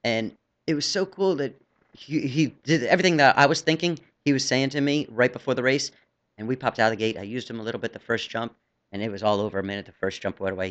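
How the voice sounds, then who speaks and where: A man's voice: lowish voice, fairly bright tone, lo-fi sound. A middle-aged man from New Jersey, a jockey guest chatting loosely and laughing often in a radio interview.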